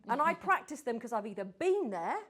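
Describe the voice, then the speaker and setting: A woman giving a lively talk on storytelling to a group, acting out her stories and sometimes dropping to a whisper for suspense. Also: a little high, fairly quick. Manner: animated, mimics accents, drops to whispers for suspense. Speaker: speaker on storytelling.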